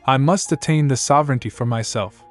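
A man's voice: mid-range voice, brisk, faint music behind, natural voice. A man voicing a proud, clever young princess who speaks in a cool, formal, commanding way. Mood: determined.

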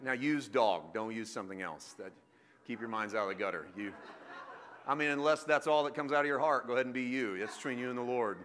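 A male preacher with a bright, forceful voice, delivering a sermon. He moves from loud, emphatic declarations to low, joking asides with his congregation. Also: fast. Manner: jokey, self-deprecating with the congregation.

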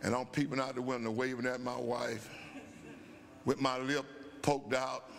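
A man in his seventies, a bishop, telling a folksy, animated story at a Bible study, often saying "man" and "guess what.". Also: medium pitch, moderate pace, gravelly. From USA. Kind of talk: storytelling sermon. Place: church sanctuary. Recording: church hall with long reverb.

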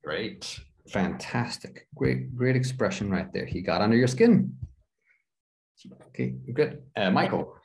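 A man's voice: mid-range voice, expressive, measured pace, gravelly, a little mellow. A man teaching an online English class, encouraging and explaining with examples. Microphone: video call.

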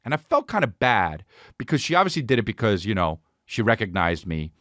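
Lively, rambling man telling a story. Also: mid-range voice, fast, dry recording, studio quality. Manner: rambling, swearing, animated impressions. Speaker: podcast host. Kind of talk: casual storytelling monologue.

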